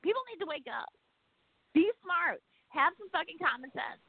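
A woman's voice: very high voice, creaky, dry recording. A woman in casual chat, ranting and swearing freely, easily worked up. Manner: profane, excitable, rants fast. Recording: tinny phone line.

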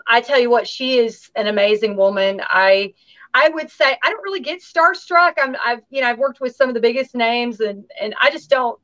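A woman's voice: high voice, fairly bright tone. Bubbly Southern woman on a dull call. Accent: Southern American. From Tennessee. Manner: bubbly, chatty, laughs often, many fillers. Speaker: guest, actress and singer. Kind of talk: casual interview chat.

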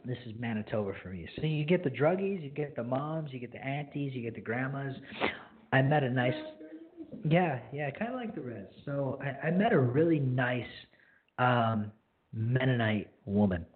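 Young guy in his 20s rambling friendly about ministry on a radio show, husky voice, sounds like a phone call. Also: medium pitch, lively intonation, moderate pace. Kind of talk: casual spoken testimony. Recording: phone-like lo-fi line.

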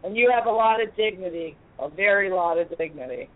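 A woman's voice: lowish voice, lively intonation, brisk, over a noisy crowd. A woman calling in to a show, chatting casually and chiming in with supportive agreement. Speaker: caller. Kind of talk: casual phone chat. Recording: tinny phone line with faint noise.

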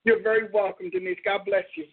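A woman's voice: medium pitch, little pitch movement, fast. A woman hosting a call-in show, praying fervently in flowing, repeated phrases. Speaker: radio show host and prophet. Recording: tinny phone line.

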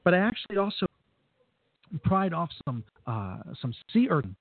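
A man's voice: fairly high pitch, very animated, moderate pace, dry recording. A man hosting a radio show on location at a resort, chatting casually and enthusiastically, rambling a little. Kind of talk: casual on-air chat. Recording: tinny phone-like radio sound, dry.

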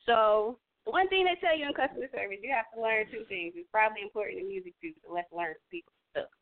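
A woman hosting a casual radio chat, animated and playfully switching voices. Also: mid-range voice, fast talker. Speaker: show host. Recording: tinny phone-line sound.

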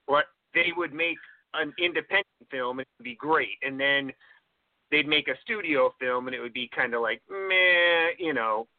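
A man's voice: a little high, normal speed, dry recording. A man co-hosting a casual film podcast, talking in a rambling, hesitant way with lots of fillers. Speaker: podcast co-host. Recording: thin phone-like audio, dry.

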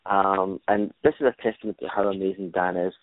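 A man's voice: low-pitched, fairly even intonation, fairly quick, dry recording. A man, a stuntman and actor, telling stories from his career in a casual interview, rambling with many fillers and restarts. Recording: tinny phone-like line, dry.

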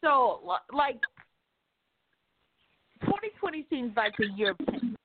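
A woman radio talk host speaking in a casual, animated, emphatic way, often cursing and acting out quotes. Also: a little high, measured pace, heavy background noise. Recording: tinny phone-like line, dry.

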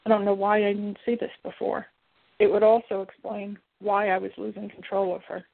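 Woman reader doing a calm male demon, measured, husky, gravelly, phone-like tone. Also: mid-range voice, no room sound. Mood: musing. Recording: tinny phone-like, dry.

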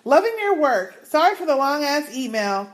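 High, lively woman podcast host. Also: moderate pace. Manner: reads emails aloud with asides and laughs. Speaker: podcast co-host reading listener emails. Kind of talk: casual podcast chat.

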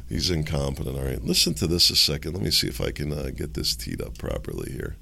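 Gravelly, low-voiced male talk host. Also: huge pitch swings, fast talker, few pauses, bright, forceful tone, no echo. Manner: sarcastic, ranting, mocking. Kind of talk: political commentary monologue.

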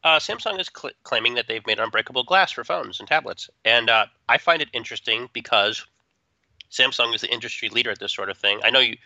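Bright-voiced man, dry close podcast mic. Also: mid-range voice, fast talker, vocal fry, dry recording, poor audio. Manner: animated, joking, trails into asides. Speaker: podcast co-host. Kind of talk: casual opinionated chat.

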